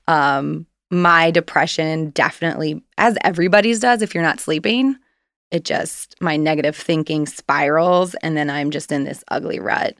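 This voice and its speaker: Low, gravelly-voiced woman telling her story. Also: normal speed, a bit bright, dry recording, studio quality. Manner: candid, chatty, rambling storytelling. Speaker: guest. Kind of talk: personal story in conversation.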